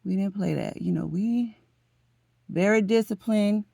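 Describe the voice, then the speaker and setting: A woman's voice: medium pitch, a little slow, vocal fry, dark tone, no room sound. A middle-aged woman from Florida, chatting to her viewers in an emotional, talkative way and calling them "honey" and "y'all". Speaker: vlogger. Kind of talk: casual chat to camera.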